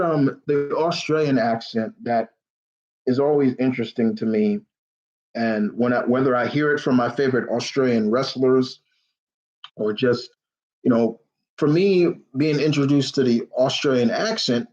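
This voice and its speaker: A man's voice: mid-range voice, measured pace, darkish tone. Emotional rambling man on a live stream. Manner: rambling, many restarts and fillers; openly emotional, near tears. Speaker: host of a live Q&A. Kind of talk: casual live stream chat. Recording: dull lo-fi stream audio.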